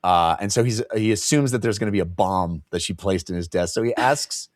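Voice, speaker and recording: A man's voice: fairly low pitch, a little fast, no room sound, clean studio sound. A man co-hosting a casual book discussion, recapping the story and acting out the characters' lines, laughing often. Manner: animated, acts out characters' lines while recapping; laughs often while telling. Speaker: podcast co-host.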